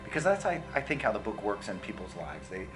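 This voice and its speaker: A man's voice: lowish voice, sing-song, fast talker, music in the background. A man, a filmmaker in an interview, answering in a reflective way with many restarts. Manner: reflective, full of restarts and fillers. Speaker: filmmaker interviewed about his film.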